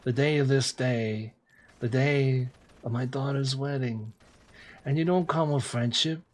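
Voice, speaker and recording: A man voicing an aging mafia boss who speaks slowly and solemnly. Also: mid-range voice, fairly even intonation, pitched above the performer's own voice, close to an everyday voice. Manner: slow, solemn, deliberate delivery. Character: aging male mafia boss, grave and menacing.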